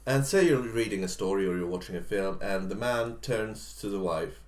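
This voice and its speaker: A man's voice: on the low side, moderate pace. A man co-hosting a podcast, telling a long comic story in a rambling way with fillers and jokey asides. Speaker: podcast co-host. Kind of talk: casual comedic storytelling. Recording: roomy echo.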